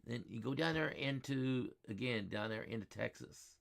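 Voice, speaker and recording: Over radar maps on a live weather stream, a man talks excitedly, rambling and repeating himself. His voice sits at a medium pitch with a creaky quality, and he keeps a moderate pace.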